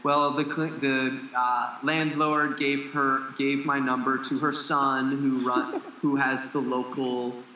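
A man's voice: medium pitch, little pitch movement, takes it slowly, few pauses, sharp tone, roomy sound, slight background noise, poor audio. A man co-hosting a casual podcast, talking frankly and bluntly, with casual swearing. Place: lives in Costa Rica.

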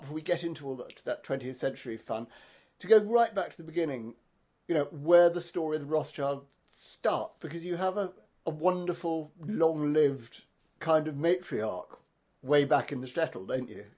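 A man's voice: on the high side, moderate pace, darkish tone. A man hosting a book podcast, asking questions in a hesitant way, often restarting and repeating words. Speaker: podcast host. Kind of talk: interview questions.

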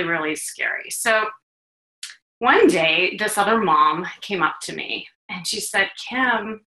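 A middle-aged woman from the Chicago area hosting a podcast, telling a personal story in an animated way and laughing as she goes. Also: mid-range voice. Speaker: podcast host. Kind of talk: storytelling monologue. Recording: roomy echo.

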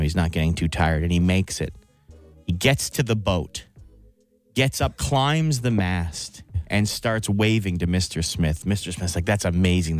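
A man co-hosting a morning radio show, telling a long joke in a slow, deadpan storytelling way. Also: low-pitched.

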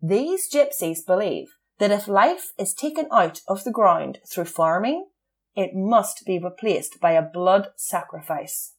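A woman's voice: medium pitch, expressive, unhurried. A woman co-hosting a podcast, telling a true crime story in a casual chat and laughing often. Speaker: podcast co-host.

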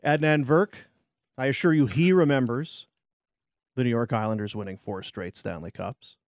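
A man's voice: medium pitch, normal speed, darkish tone, no echo, clean studio sound. A man co-hosting a casual sports talk show, bantering and teasing his partner.

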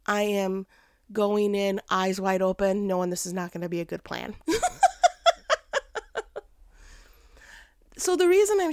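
Woman, animated storyteller who laughs often, mid-range voice, dry close sound. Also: mid-range voice, dry recording. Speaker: mother telling a personal story. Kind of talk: casual storytelling with a life lesson.

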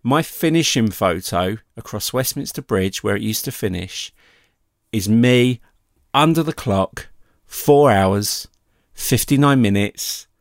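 A middle-aged man telling a personal story in a casual, animated way, acting out the voices he quotes. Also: fairly low pitch, slow pace, no echo, clean studio sound.

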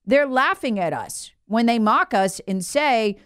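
Sarcastic woman host with a lively voice. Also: a little high, measured pace, few pauses, clean tone, no echo, studio quality. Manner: sarcastic, mocking, repeatedly urging "remember"; slips into mock voices to ridicule officials. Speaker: political talk show host. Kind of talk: opinionated political commentary.

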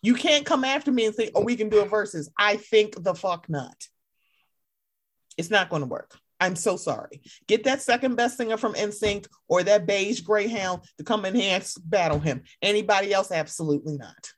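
A woman co-hosting a casual chat, animated and swearing freely as she acts out her own reactions. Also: medium pitch, moderate pace. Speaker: podcast co-host.

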